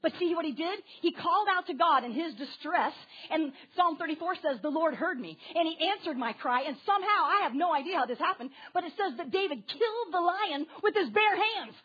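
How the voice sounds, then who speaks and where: A woman preaching a sermon to a congregation with children, animated and asking her listeners questions directly. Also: extremely high pitch, fairly quick, few pauses, dull audio.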